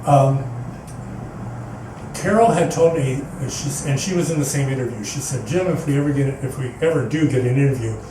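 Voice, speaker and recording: A man's voice: mid-range voice, brisk. A man giving a personal storytelling talk as guest speaker at a spiritual center, earnest and rambling, often restarting his sentences. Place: meeting hall, indoors. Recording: echoey hall, distant mic, background noise.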